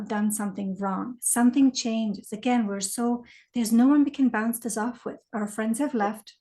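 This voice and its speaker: A woman being interviewed, explaining things thoughtfully and letting her lines trail off softly. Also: on the high side. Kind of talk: conversational interview.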